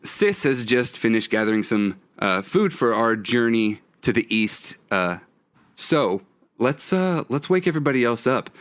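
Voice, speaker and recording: A man's voice: medium pitch, very animated, a little slow, a bit bright, clear, resonant tone, dry recording. A man voicing a friendly outlaw leader who teases a late riser, in a tabletop game. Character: cheerful adult male outlaw leader, Robin.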